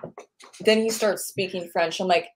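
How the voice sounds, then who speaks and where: Low-voiced chatty American woman. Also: steady tone, normal speed, a little hiss or hum. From United States. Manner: chatty, rambling, self-correcting. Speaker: podcast host. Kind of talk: casual interview chat.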